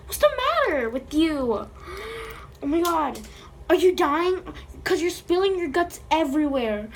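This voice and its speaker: Woman, high voice, slow delivery, playful slime vlogger who talks to her slime, phone-recorded. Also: expressive, slight background noise. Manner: playful, chatting to the slime as if it were alive. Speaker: slime video creator. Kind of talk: casual slime-making vlog.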